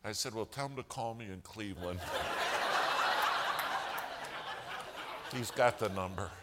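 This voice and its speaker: A man's voice: on the low side, fairly quick, over a noisy crowd. A man telling a long church story as a sermon, acting out the quoted dialogue of the people in it.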